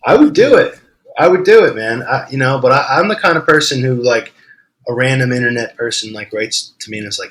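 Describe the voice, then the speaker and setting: A man's voice: mid-range voice, a little fast, a bit bright, low-quality recording. A man with a New Jersey accent, a guest author telling a rambling story in casual podcast chat, laughing easily.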